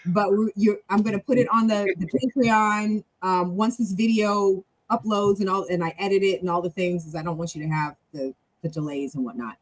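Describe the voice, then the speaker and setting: A middle-aged woman hosting a live stream in a casual, chatty way, fast and animated, with big swings in pitch and loudness. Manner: talks fast, with self-corrections. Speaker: show host and club leader.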